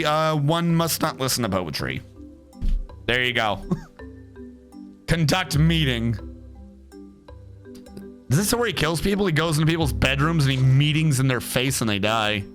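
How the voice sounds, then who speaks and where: A man streams a strategy game, riffing sarcastically on what he reads out and swearing freely. His voice is bright and forceful and sits a little high. Faint game music plays under him. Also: expressive, a little slow, long pauses. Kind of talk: casual let's play commentary.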